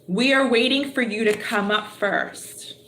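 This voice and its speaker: A woman's voice: on the high side, measured pace, pushed and bright, roomy sound, a little hiss or hum. A woman giving a live tarot reading, chatty and exclamatory, thinking aloud as she draws cards. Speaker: tarot reader.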